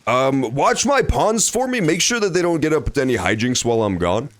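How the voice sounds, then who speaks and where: A man's voice: big pitch swings, brisk, dry recording. A man streaming a game, chatting casually and joking with plenty of swearing. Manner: joking, profane, jumps between high and low pitch. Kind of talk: casual gameplay commentary.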